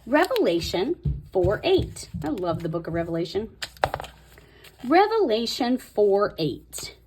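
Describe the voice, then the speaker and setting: A woman's voice: medium pitch, big pitch swings, unhurried, noisy background. A woman host talking casually through a Bible tabbing tutorial, thinking aloud as she marks pages. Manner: chatty, thinking aloud while marking her Bible. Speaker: Bible study video host.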